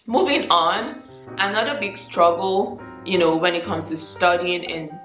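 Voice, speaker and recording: A Nigerian woman in her twenties chatting casually to camera as a vlogger, with lots of ums and animated asides. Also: on the low side, a little slow, echoey room, faint music behind. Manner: chatty, frequent ums, animated mock quotes.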